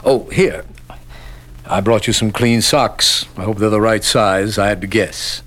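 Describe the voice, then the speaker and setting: An actor playing a chatty prison guard who talks in a casual, offhand way. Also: male voice, lowish voice, steady tone, unhurried, a bit bright. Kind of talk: radio drama acting.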